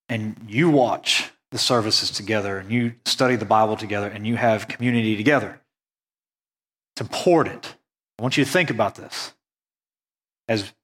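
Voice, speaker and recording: American guy preaching, earnest and chatty, mid-pitch voice, slows way down to hit the big points. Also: fairly bright tone. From United States. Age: adult, went on a mission trip after high school. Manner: earnest, conversational preaching with emphatic slow stresses. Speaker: pastor. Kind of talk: sermon.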